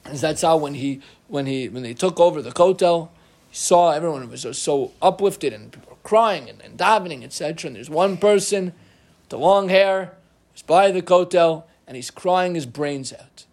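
Brief: middle-aged male rabbi, light high voice, lively and self-interrupting, joking aside in a casual Torah class. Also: normal speed.

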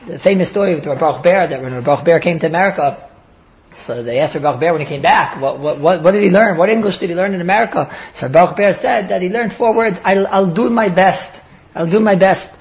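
A man's voice: on the high side, quick pace, lo-fi sound. A man giving a daily Talmud lecture in an earnest way, often restarting and repeating words as he explains. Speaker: Talmud teacher.

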